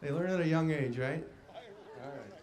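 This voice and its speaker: A man's voice: a little high, normal speed, slight background noise. A man singing on an outdoor stage and playfully coaching the crowd to sing along, through a stage microphone. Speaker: singer and entertainer. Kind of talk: live concert singing with crowd banter. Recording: echoey outdoor stage recording with loud band.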